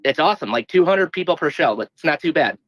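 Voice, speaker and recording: A man's voice: a little high, lively intonation, fast talker, lo-fi sound. Friendly man plugging his gaming show. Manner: friendly, promotional. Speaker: guest speaker. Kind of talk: live audio chat.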